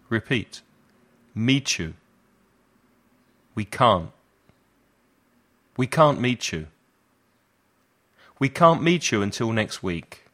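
Slow, deliberate male teacher. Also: medium pitch, very animated, fairly bright tone. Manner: slow, deliberate repetition for learners. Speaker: English teacher. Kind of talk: slow language lesson drills.

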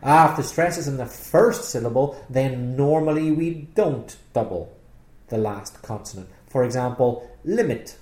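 A man's voice: medium pitch, moderate pace, darkish tone, echoey room. Patient British male English teacher. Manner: patient, clear, explanatory. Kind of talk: explaining spelling rules in a podcast lesson.

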